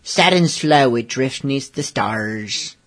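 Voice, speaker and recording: Man putting on a lonely pirate, mopey and randy, slow mock-solemn verse, middle pitch. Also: lively intonation, a bit bright. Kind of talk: comic verse reading in a pirate voice.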